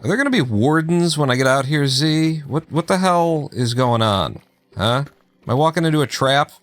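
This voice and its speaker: A man's voice: on the high side, animated, moderate pace, no room sound, soft background music. A man chatting casually through live gameplay, joking, laughing and talking to himself as he plays. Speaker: streamer.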